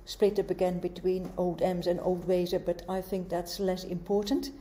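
A woman giving a university lecture, explaining in a measured way and asking rhetorical questions. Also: on the low side, flat delivery, dark tone.

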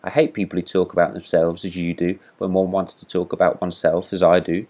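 A man's voice: sits low, flat delivery, brisk, a little mellow. A man voicing a vain, boastful firework rocket in a storybook reading, speaking in a haughty, self-important manner.

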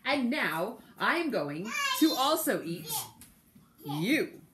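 A woman voicing a greedy, boastful fat male cat in a storybook reading, listing loudly everything he has eaten. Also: on the high side, very animated, slow, heavy background noise, pitched above the performer's own voice.

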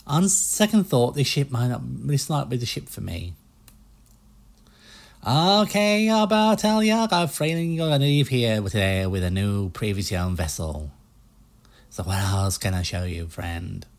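A man's voice: mid-range voice, sing-song, moderate pace. A man doing a slick American ship salesman. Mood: smooth salesy. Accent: put-on American salesman accent. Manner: slick, hard-selling patter. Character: pushy fast-talking male used-ship salesman.

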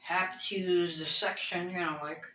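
A woman's voice: fairly low pitch, steady tone, moderate pace, bright, forceful tone, slight background noise. Hesitant New woman in a roomy bedroom. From Brooklyn, New York. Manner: hesitant, full of fillers and restarts; emotional, reflective. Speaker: vlogger. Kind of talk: rambling personal vlog.

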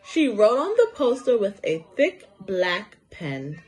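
Slow sing-song woman reading to kids. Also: mid-range voice, wildly swooping pitch, darkish tone, soft background music, low-quality recording. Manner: slow, sing-song, encouraging teacher talk with questions to children. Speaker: preschool teacher. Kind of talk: storybook read-aloud lesson for young children.

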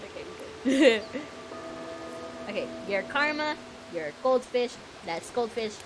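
A woman's voice: fairly high pitch, animated, unhurried, background noise. A young woman streaming a game live, chatting playfully in squeals and baby talk. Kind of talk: live gameplay commentary. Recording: game music behind.

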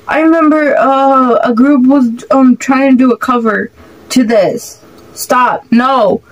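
A woman hosting a reaction video, talking in excitable, exclamatory bursts and swearing freely as she reacts. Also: high voice, takes it slowly, low-quality recording. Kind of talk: casual reaction commentary.

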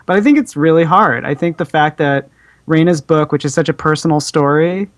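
A man with a fairly high voice calling in to a podcast over an internet line. He talks earnestly and sprinkles his speech with fillers, and the sound is dry and close. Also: fast, dry recording. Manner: earnest, with many "you know" fillers. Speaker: guest cartoonist. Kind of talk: casual chat.

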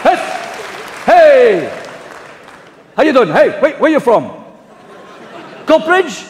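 A man's voice: extremely high pitch, very animated, slow, a faint crowd, slight background noise, heavily acted. A man impersonating a brash Dutch football manager with a Dutch accent, doing hammy stand-up patter on a live stage. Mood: brash showman. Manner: loud, hammy, punchline-driven, shouted catchphrases. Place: large theatre stage. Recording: live hall with audience.

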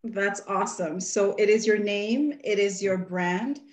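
A woman hosts an interview, cheering on her guest and then moving to the next question. Her voice sits at a middle pitch, and the room gives it a roomy echo. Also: measured pace. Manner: upbeat, affirming interviewer. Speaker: interview host. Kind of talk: casual interview chat. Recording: roomy echoey sound.

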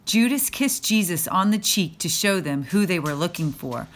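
A woman narrating a school skit with slow, clear storytelling. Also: fairly low pitch, expressive.

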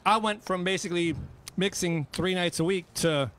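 Animated high-voiced middle-aged man. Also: normal speed, slight background noise. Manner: animated storyteller, repeats himself. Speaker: DJ guest. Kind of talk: casual chat.

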